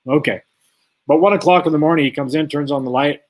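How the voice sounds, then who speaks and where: Speaking quickly in a fairly high voice, this man recounts an extended boxing tale as an interview guest and ex-boxer. He animatedly voices both parties in the dialogue.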